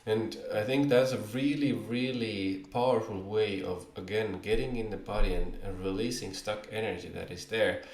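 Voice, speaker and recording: Male podcast co-host, loose and rambling, lowish voice, echoey room sound. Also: steady tone, moderate pace, hardly any pauses, darkish tone. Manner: rambling, many fillers. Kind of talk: casual conversation. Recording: roomy echo.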